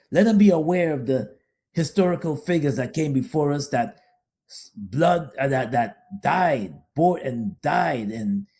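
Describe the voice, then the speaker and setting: Mellow-voiced man repeating his points. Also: mid-range voice. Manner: emphatic, repeats phrases. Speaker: podcast co-host. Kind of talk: casual chat.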